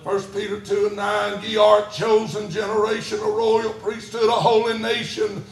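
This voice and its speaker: High-voiced, gravelly preacher shouting. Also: male voice, completely flat delivery, normal speed, reverberant, faint music behind. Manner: shouting, chanting preacher with call-and-response. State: out of breath. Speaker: pastor. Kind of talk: fiery sermon. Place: church.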